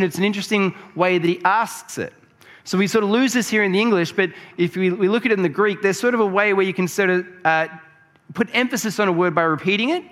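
A man with a somewhat raised pitch delivers a sermon, unpacking scripture in a relaxed, conversational way that climbs to emphatic peaks. His voice rings through a large church hall with a long, lingering reverb. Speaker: preacher.

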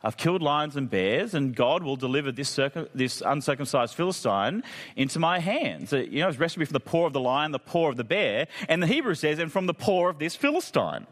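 A man preaching a sermon with an animated voice that rises and falls a lot. He keeps it conversational and drops in jokey asides. A long reverb rings around him, as in a church hall. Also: fairly high pitch, brisk.

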